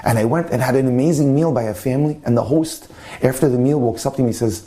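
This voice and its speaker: A rabbi telling a story to inspire, with passion and drama in how he builds it. His voice is warm and mellow, at an ordinary middle pitch for a man. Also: quick pace. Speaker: rabbi and lecturer. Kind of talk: storytelling lecture.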